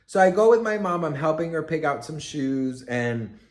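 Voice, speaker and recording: Animated man telling a chatty story. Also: a little high, moderate pace. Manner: chatty and expressive, acts out quotes, many fillers. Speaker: vlogger and storyteller. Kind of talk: casual storytelling to camera.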